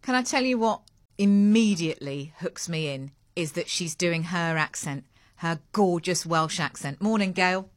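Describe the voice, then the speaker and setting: A woman hosting a radio show, chatting casually and reacting brightly to her guest. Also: lowish voice, unhurried, no echo, studio quality. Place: radio studio. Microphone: close studio mic.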